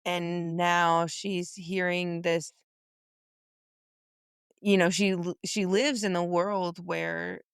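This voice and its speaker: A woman co-host talks reflectively in a casual book podcast, often chiming in with brief agreement. Her voice is fairly low and smooth. The recording is dry and close. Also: takes it slowly, pauses often, no echo. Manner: relaxed, reflective, short agreeing replies.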